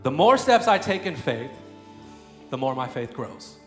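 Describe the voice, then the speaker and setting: A man in his thirties preaching a sermon, moving between quiet personal storytelling and loud, fervent prayer. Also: medium pitch, big pitch swings, measured pace. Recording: echoey room with faint music.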